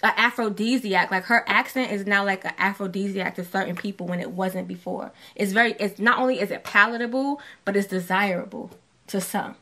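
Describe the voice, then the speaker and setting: A woman's voice: medium pitch, fairly even intonation, pushed and bright. A woman with a New York accent, co-hosting a casual podcast and arguing her point emphatically. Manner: emphatic, insistent, quick to argue. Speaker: podcast co-host. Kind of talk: casual argumentative chat.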